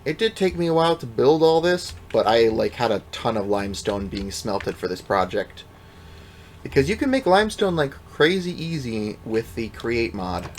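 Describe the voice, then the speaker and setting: A man's voice: medium pitch, very animated, normal speed, a little hiss or hum. A man giving casual, rambling commentary over his gameplay, offhand and self-deprecating, with the odd swear. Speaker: let's play gamer.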